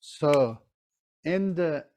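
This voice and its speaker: A man's voice: fairly high pitch, animated, extremely slow, mellow, slight background noise. A man teaching a class on Tibetan medicine, often checking in with his students and acting out their excuses. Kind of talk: lecture to a class.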